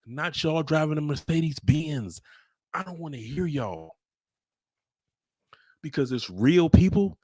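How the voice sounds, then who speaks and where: A man, hosting and delivering a loud, profane, mocking rant. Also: medium pitch, no room sound, studio quality. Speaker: podcast host.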